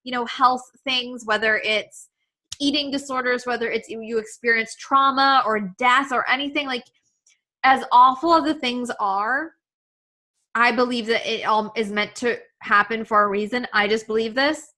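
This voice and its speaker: A woman's voice: on the high side, steady tone, normal speed, bright, forceful tone. A woman coaching a live webinar, earnest and emotional, repeating herself with many fillers, speaking over a video call. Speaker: confidence coach leading a webinar.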